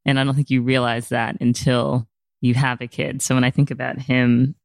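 A new mother hosting a podcast, talking in a relaxed, conversational way with her own mother. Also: rumbling low, moderate pace, no echo. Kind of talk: casual podcast talk. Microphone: podcast microphone.

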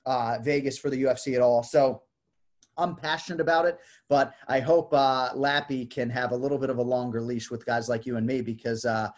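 A man in relaxed conversation, a combat sports broadcaster who talks in a lively way and acts out how names are pronounced. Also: medium pitch, a little fast. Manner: animated, demonstrates name pronunciations. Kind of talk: casual chat.

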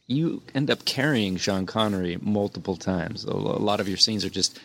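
A man's voice: on the low side, normal speed, vocal fry, a little hiss or hum. A man in his forties hosting a podcast interview, asking chatty, eager questions. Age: 40s. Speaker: podcast host. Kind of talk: casual interview chat.

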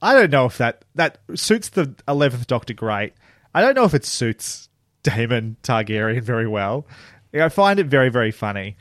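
Animated swearing man. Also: mid-range voice, moderate pace, dry recording, studio quality. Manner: animated, swears, laughs often. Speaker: podcast co-host. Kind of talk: casual chat reviewing a TV show.

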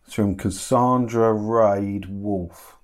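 A man's voice: on the low side, fairly even intonation, slow. A middle-aged man chatting casually from his kitchen, answering viewer comments with self-mocking humour and frequent laughs. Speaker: YouTube channel host. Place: kitchen at home.

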